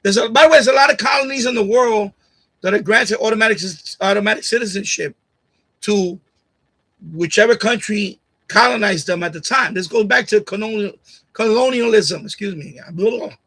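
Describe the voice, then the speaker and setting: This live streamer talks with his chat from a home setup, casual and blunt, laughing at comments and repeating himself. His high voice sounds pushed and bright. He speaks into a USB condenser mic on a boom arm, and the recording is low quality.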